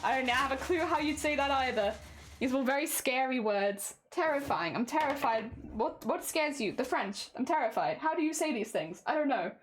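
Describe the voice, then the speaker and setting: A woman's voice: sits high, expressive, moderate pace, a little hiss or hum. A young woman streaming casually, chatting and giggling with her viewers while she crafts at home. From Britain. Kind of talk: casual live-stream chat.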